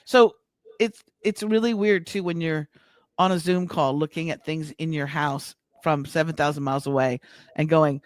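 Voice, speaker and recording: A middle-aged American woman chatting as a guest business coach, warm and halting, with many restarts. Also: low voice, steady tone, dry recording. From United States. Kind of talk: casual interview chat.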